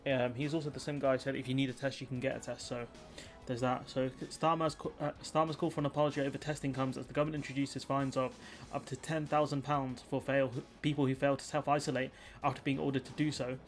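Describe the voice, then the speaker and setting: Brief: man, quick rambling political vlogger, frustrated, faint music behind. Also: medium pitch, flat delivery. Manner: fast, frustrated, full of fillers and restarts. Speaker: political commentator.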